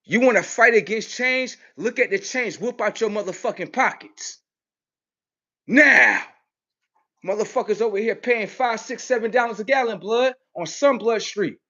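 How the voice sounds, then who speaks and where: A man in a profane, aggressive street rant, cursing and mocking, swinging between loud outbursts and low mutters. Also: moderate pace, lo-fi sound. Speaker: vlogger.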